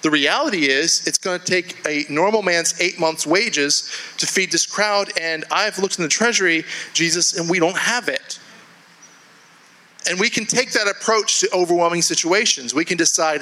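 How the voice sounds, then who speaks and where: A man's voice: high-pitched, animated, moderate pace, bright, forceful tone, low-quality recording. A male pastor preaching a sermon to a congregation, talking conversationally, restarting phrases and acting out quoted inner voices. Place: church with a congregation.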